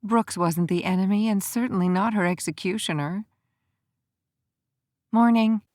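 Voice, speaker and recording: A woman narrating a romance audiobook in an even, measured storytelling manner. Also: mid-range voice, no echo, studio quality.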